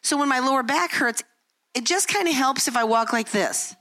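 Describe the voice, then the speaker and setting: An older woman, a Christian speaker, gives a candid devotional talk full of self-deprecating family stories, acting out what people said. Her voice is high-pitched and sharp, at a normal speed.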